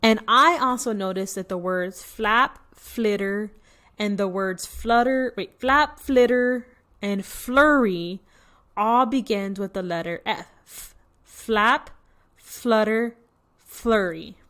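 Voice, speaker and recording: A young woman reading a picture book to children, pausing to point at pictures and ask questions. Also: medium pitch, fairly bright tone. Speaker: storytime reader.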